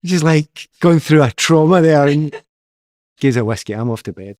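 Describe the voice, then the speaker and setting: A middle-aged Scottish man, a former footballer, telling stories in a lively, self-deprecating way. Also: fairly high pitch, normal speed, no room sound, studio quality. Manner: animated, self-deprecating, with frequent restarts. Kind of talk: casual storytelling.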